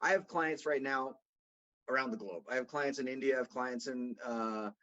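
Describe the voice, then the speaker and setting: Sharp in tone and mid-range in pitch, he speaks at a moderate pace; he's a consultant from Boston guesting on a relaxed podcast. His accent is mostly neutral American with a slight Boston trace, and his storytelling rambles with frequent restarts over dull, lo-fi sound.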